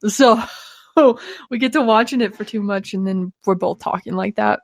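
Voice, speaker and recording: A woman's voice: medium pitch, normal speed, no room sound. Woman podcast co-host, laughs a lot, says dude, mid-range voice, close and dry. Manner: laughs often, swears casually, calls people dude. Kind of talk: casual chat.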